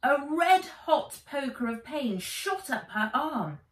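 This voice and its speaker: A woman author reading her children's book aloud in an expressive, animated way, recording in a small shed. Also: sits high, slow. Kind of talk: storybook read-aloud. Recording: echoey room, mic a bit distant.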